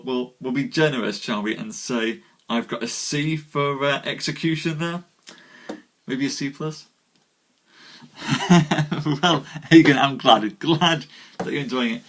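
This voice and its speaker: Male host, mid-pitch and very animated, casual banter with a live chat before a story. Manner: animated, greets viewers warmly by name, self-deprecating. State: a little tired. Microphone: webcam or desk mic on a live stream.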